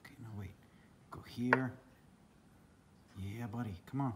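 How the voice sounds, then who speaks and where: A man's voice: medium pitch, fairly even intonation, measured pace, heavy background noise. A man talking casually to camera at home in a vlog, chatty, often laughing and muttering to himself. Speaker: vlogger. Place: home indoors.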